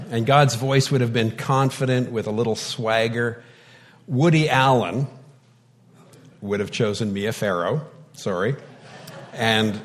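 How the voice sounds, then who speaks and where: Slow, deliberate male preacher. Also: medium pitch. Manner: deliberate, with light wry humor. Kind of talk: sermon.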